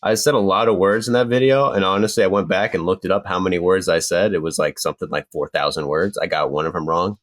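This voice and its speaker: A lower-pitched man co-hosting a sports podcast. He jokes around, gets defensive when teased, and swears casually. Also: fast, few pauses. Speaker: podcast co-host, YouTuber.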